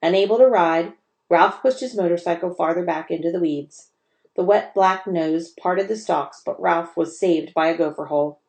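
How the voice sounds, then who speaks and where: A teacher reading a chapter book aloud to children, with expressive storytelling and a lower woman's voice. The recording is echoey, as if from a bare room. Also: moderate pace. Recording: roomy echo.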